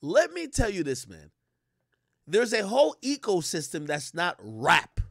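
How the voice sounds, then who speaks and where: A man ranting casually to his stream audience, swearing a lot and jumping his voice up high for emphasis. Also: wildly swooping pitch, unhurried, creaky, no echo, studio quality. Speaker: streamer and rap commentator.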